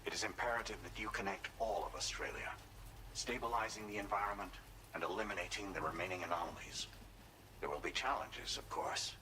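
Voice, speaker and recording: A formal, authoritative director in a video game, issuing orders with a very low voice that carries a bright edge. Faint ambience sits behind him. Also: male voice, a little hiss or hum, low-quality recording. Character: commanding male network director.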